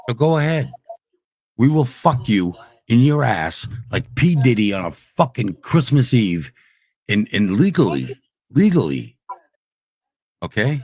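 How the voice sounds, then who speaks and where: A man on a livestream delivers an angry, foul-mouthed tirade against his critics, hammering the same points again and again. His medium-pitched, slightly mellow voice swings widely in pitch, moving at a measured pace with long pauses.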